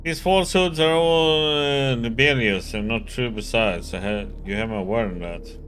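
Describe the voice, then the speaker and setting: A man voicing an annoyed, nasal male locksmith who defends himself fast, reading game dialogue aloud. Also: medium pitch, fairly bright tone, a little hiss or hum, natural voice. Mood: indignant. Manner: indignant, rapid self-defense.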